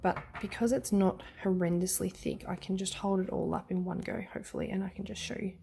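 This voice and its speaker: A woman's voice: mid-range voice, fairly even intonation, vocal fry, mellow, slight background noise. Chatty Australian woman reviewing tarot decks. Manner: chatty and enthusiastic, frequent ums and quick self-corrections. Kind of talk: casual tarot flip-through vlog.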